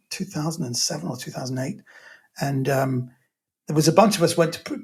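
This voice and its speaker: Comedian guest, slightly higher voice with gravel in it, animated storyteller. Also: male voice. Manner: animated storyteller, acts out quotes. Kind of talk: casual anecdotal chat.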